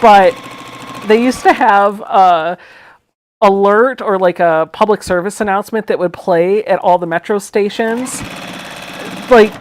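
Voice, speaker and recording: A woman's voice: medium pitch, a little slow. Chatty woman who laughs a lot. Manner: chatty, laughs often, tells anecdotes. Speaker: sewing livestream host. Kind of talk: casual chat while sewing.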